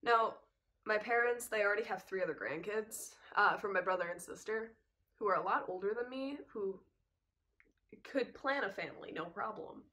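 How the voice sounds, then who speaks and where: Young woman doing a storytime vlog, bright and lively, acting out all the back and forth. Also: medium pitch, moderate pace. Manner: lively retelling that acts out the dialogue. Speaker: vlogger telling a personal story. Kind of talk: casual storytime chat.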